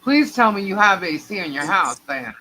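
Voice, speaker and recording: Her medium-pitched voice is sing-song, fairly quick, pushed and bright as this middle-aged co-host tells a long family story on a livestream. She rambles chattily and laughs between sentences. The low-quality recording carries a little hiss or hum.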